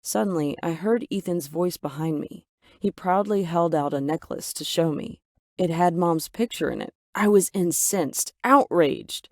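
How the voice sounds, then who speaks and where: A woman's voice: lowish voice, measured pace, a little mellow, dry recording. Woman narrating a dramatic story, dry. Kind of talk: scripted first-person story narration.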